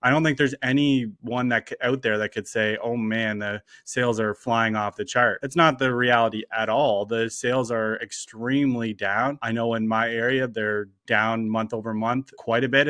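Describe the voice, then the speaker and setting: A man co-hosting a real estate podcast, talking in a relaxed, conversational way and laughing easily. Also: mid-range voice, normal speed, hardly any pauses, dry recording. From Canada. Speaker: podcast co-host, realtor. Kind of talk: casual chat.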